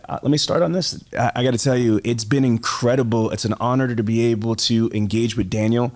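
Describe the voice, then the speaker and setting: A man talking as a podcast guest, emphatic and enthusiastic, swearing casually. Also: mid-range voice. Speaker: business partner and guest.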